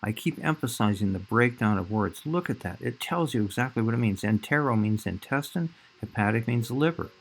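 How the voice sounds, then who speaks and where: A man's voice: medium pitch, animated, brisk, few pauses. A man teaching a recorded biology lecture, explaining slides and speaking directly to his students.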